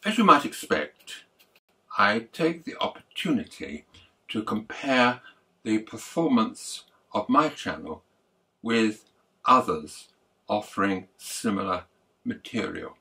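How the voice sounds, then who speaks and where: Slow, measured older man. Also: fairly low pitch, very animated, creaky, bright, forceful tone. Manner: measured, unhurried, slightly stumbling. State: losing his voice. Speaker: photography YouTuber. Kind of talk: spoken advice to viewers.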